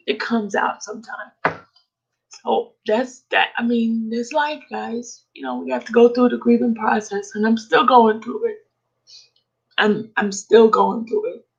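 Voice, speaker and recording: Tearful woman streamer, halting and repetitive, muffled low-fi sound. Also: steady tone, creaky, breathy edge. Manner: tearful, halting, repeats herself. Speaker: vlogger hosting a live stream. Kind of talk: emotional live-stream talk to viewers.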